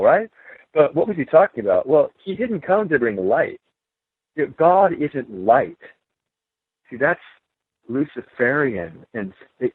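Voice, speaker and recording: A man's voice: medium pitch, dry recording. A man, a guest author, talking emphatically in a podcast conversation, laughing between his points. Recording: tinny phone line.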